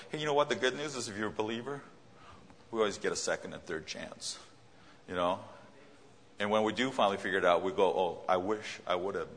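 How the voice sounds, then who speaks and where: Low-voiced preacher in a reverberant hall. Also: male voice, a bit bright, a little hiss or hum. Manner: conversational, repeats key phrases. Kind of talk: sermon.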